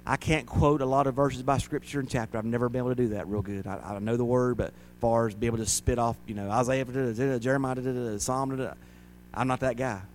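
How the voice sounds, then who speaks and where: A male pastor preaching a folksy, conversational sermon in a church, often rising to loud, dramatic shouts as he acts out a crowd. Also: mid-range voice, fairly even intonation, fast, hardly any pauses, slight background noise.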